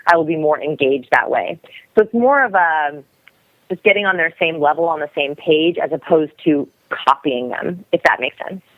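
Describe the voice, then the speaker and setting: A young woman who talks quickly and energetically, explaining as a guest expert in a podcast interview. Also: low voice, dry recording. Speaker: guest expert on body language. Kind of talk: podcast interview over the phone. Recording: dry, tinny phone line.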